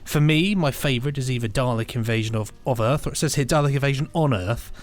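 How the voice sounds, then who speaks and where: A man's voice: medium pitch, quick pace. A man co-hosting a podcast, chatting in an easygoing, enthusiastic way. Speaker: podcast co-host. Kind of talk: casual podcast commentary chat.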